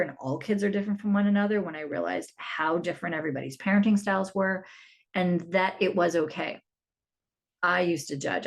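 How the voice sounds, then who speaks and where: A middle-aged woman hosting a solo parenting podcast, chatty and confiding, often restarting her sentences. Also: lowish voice. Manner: chatty, warm-hearted and confiding, with frequent restarts. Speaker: podcast host and parent coach.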